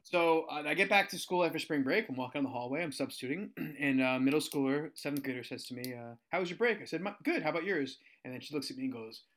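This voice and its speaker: A man in his thirties telling funny stories in casual chat, acting out the voices he quotes and jumping up in pitch. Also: quick pace, hardly any pauses. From United States. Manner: animated, acts out quoted voices, jumps in pitch. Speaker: guest storyteller.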